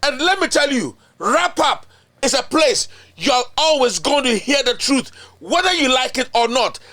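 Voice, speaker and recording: Fiery Ghanaian man, high bright voice. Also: sing-song, normal speed. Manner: indignant, emphatic, mixes in local-language chants and repetition. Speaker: political commentary show host. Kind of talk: fiery political commentary.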